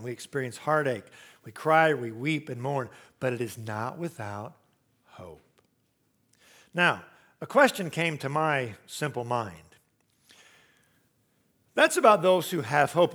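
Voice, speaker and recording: A man preaching a sermon, telling stories and acting out quotes, swinging from loud rising emphasis to very soft low tones. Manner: storytelling preacher who acts out quotes. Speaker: pastor.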